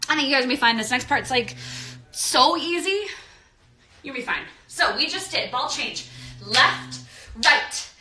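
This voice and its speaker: A woman's voice: high-pitched, expressive, measured pace, long pauses, sharp tone. A young American woman teaching a dance class, counting beats aloud and singing out the steps. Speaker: dance instructor. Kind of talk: live online dance class. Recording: roomy studio, mic at a distance.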